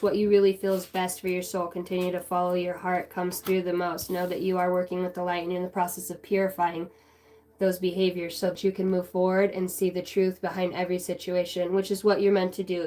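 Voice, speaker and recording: A woman's voice: on the low side, mellow. Casual woman giving a tarot reading. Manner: casual, meandering, swears freely, talks to chat. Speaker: tarot reader streaming live. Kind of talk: livestream tarot reading and chat.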